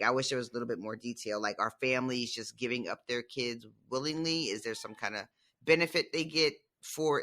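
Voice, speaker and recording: A man's voice: mid-range voice, pushed and bright. A man co-hosting a book podcast, musing casually and laughing easily. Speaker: podcast co-host.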